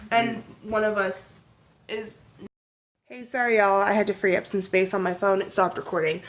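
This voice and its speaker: A woman hosting a casual couples vlog, chatty and animated, teasing her partner fondly. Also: mid-range voice, normal speed, slight background noise. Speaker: vlog host. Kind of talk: casual chat. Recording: echoey room.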